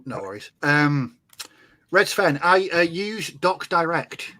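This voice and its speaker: A man's voice: on the high side, big pitch swings, slow pace, pushed and bright. Chatty British man hosting a podcast. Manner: chatty, hesitant with many fillers and restarts. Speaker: podcast host. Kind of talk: casual podcast chat.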